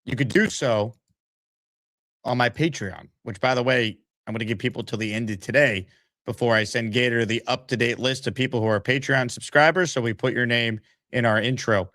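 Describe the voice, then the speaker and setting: A man hosting a live sports talk stream, energetic and hyping his audience. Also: mid-range voice, a little fast, no room sound. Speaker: sports talk show host. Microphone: streaming setup mic.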